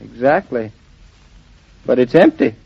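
A man's voice: medium pitch, lively intonation, measured pace, gravelly, husky, full character voice. An actor playing a cheerful young husband and architect who dotes on his dog, in old radio drama style. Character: jovial young husband, doting dog owner. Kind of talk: 1940s radio acting. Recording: dull lo-fi old radio recording.

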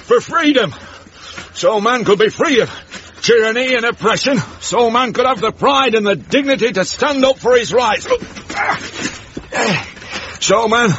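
A man's voice: sits high, lively intonation, unhurried, a bit bright, slight background noise. An actor playing a grumpy older northern man in a radio comedy, with a Northern English accent, dry and boozy. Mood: grandiose. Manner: dry, boozy, mock-grand oratory. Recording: dull lo-fi radio broadcast.

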